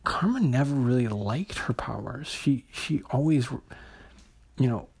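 Man for a comic review vlog: husky voice, halting delivery with lots of ums and restarts. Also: mid-range voice, animated, darkish tone. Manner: hesitant, many fillers and restarts. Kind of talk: casual spoken review.

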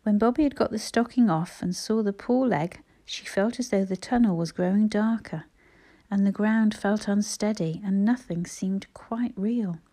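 A woman reading a children's story aloud in a measured storytelling manner. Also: mid-range voice, dark tone. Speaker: audiobook narrator.

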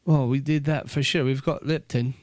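A man's voice: mid-range voice, fairly even intonation, normal speed, a little mellow, no room sound. A man co-hosting a casual podcast chat, joking around and slipping now and then into mock voices. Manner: jokey, slips into mock voices. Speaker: podcast co-host.

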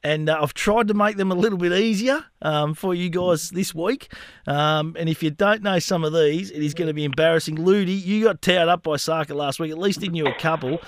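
A man's voice: on the high side, fairly quick, no echo, studio quality. A man in his thirties, hosting a podcast and telling a rambling, funny story in casual chat, often laughing at himself. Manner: animated yarn-spinning, laughing at his own stories. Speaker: podcast host.

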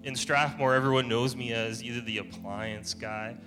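Over soft guitar music, a man shares a casual testimony-style sermon at church at normal speed, his mid-range voice steady in tone. He tells stories in a chatty way and laughs frequently.

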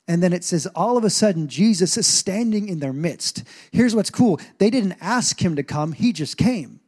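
A man who is a pastor, preaching a sermon in an animated way with asides and rising intensity. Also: fairly high pitch. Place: church stage.

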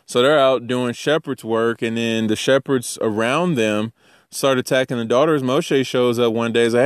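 Male preacher, informal and animated, dry close mic. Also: medium pitch, normal speed, clear, resonant tone, dry recording. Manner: animated, jokey, acts out voices. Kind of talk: informal sermon.

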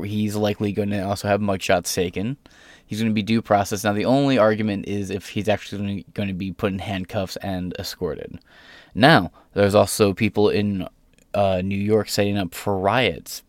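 A man's voice: on the low side, no echo, studio quality. A young man hosting casual news commentary, reading out articles with irreverent, sarcastic and profane asides. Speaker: host.

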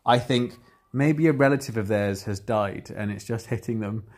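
A man talking candidly in a casual chat, rambling and getting animated as he retells conversations. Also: fairly low pitch, moderate pace.

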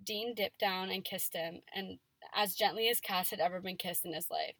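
A woman's voice: medium pitch, steady tone, moderate pace, fairly bright tone, no echo. A woman reading fan fiction aloud on a casual podcast, giving the dialogue playful emphasis and chatting between passages.

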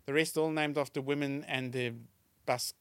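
A man's voice: fairly high pitch, normal speed, clear, resonant tone, dry recording. A man co-hosting a comedy trivia podcast, telling jokes with lots of giggling in casual chat. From South Africa. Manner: giggly, animated joke-telling. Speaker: podcast co-host.

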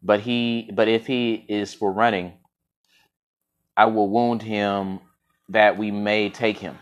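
A man's voice: on the low side, little pitch movement, slow. A man reading a stern ancient king. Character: ancient Indian king, commanding, quick to wrath.

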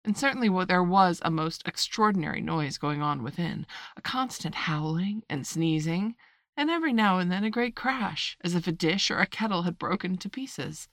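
Kobieta o niskim głosie czytająca bajkę równym, spokojnym tempem, nagrana blisko mikrofonu, bardzo sucho, bez pogłosu. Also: female voice, on the low side, expressive, normal speed, fairly bright tone, no room sound, clean studio sound. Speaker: narrator. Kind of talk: audiobook reading.

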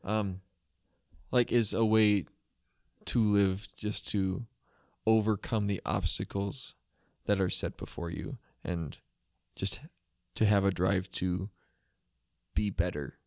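A man's voice: lowish voice, steady tone, slow, creaky, no room sound, studio quality. A young man co-hosting a podcast, talking casually in a thoughtful, hesitant way as he searches for words. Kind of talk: casual conversational chat.

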